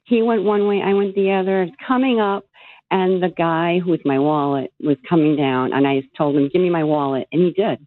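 A woman's voice: fairly low pitch, moderate pace. Blunt woman caller on a tinny phone line. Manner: blunt and heated, telling of her anger. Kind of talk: telling a story on a call-in radio show.

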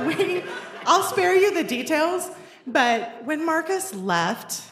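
A woman of forty telling a personal story at a live show, wry and self-deprecating with lively comic timing. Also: extremely high pitch, very slow, a crowd in the background. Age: 40s. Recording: roomy echoey venue sound.

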